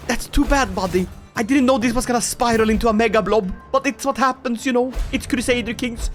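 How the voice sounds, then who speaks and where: Excitable high-voiced man playing a game. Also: a little fast, few pauses, soft background music. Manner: excitable, theatrical, laughs often. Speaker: gaming video creator. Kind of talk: strategy gameplay commentary.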